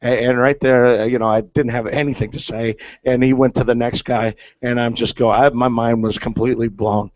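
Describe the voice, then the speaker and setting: A man's voice: medium pitch, flat delivery, a little fast, few pauses, darkish tone, dry recording. A man, a former catcher, telling a story in casual chat with lots of fillers and restarts. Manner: rambling, many fillers and restarts. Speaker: guest, former big-league catcher. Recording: dull, dry, lo-fi sound.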